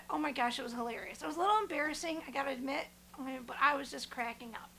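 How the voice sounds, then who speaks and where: Woman podcast host, high bright voice with some gravel, excitable storyteller, faint hum behind. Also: very fast, few pauses.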